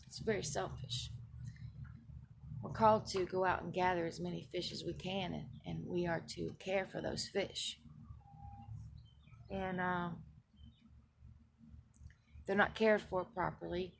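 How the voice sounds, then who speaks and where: Gravelly-voiced woman, earnest dream storytelling. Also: on the low side, steady tone, unhurried, pauses often, a little hiss or hum. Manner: earnest, emphatic, repeats herself, restarts phrases. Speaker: Christian video blogger. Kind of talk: recounting a dream and its spiritual meaning.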